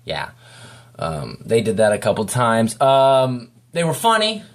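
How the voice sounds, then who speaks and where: A man talks through a video review in a loose, unscripted way. He wanders from point to point at an ordinary pitch and keeps a relaxed, chatty tone throughout. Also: measured pace. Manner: rambling, loose and off the cuff. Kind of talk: casual spoken review.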